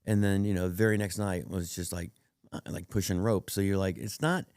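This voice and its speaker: A man's voice: sits low, steady tone, fairly quick, a little mellow, no echo, studio quality. A male prop comedian chatting as a guest, telling rambling stories with many restarts and acting out the voices of the people in them. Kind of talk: casual storytelling interview.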